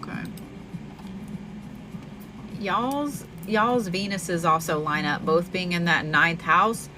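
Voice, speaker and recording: Speaking slowly in a fairly low voice, a woman does a live astrology reading that's affectionate, talkative and full of profanity. The background is noisy, with clearly audible music playing behind her.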